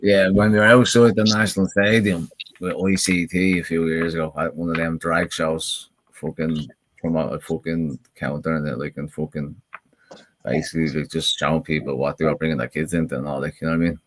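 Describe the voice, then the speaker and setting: A man's voice: rumbling low, little pitch movement, a little fast, dry recording. A man in casual podcast chat, telling rambling stories and swearing freely. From Ireland.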